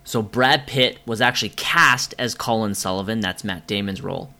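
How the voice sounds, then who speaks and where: A man co-hosting a casual movie podcast, chatting excitedly with lots of ums and frequent swearing. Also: on the low side, moderate pace. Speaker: podcast co-host.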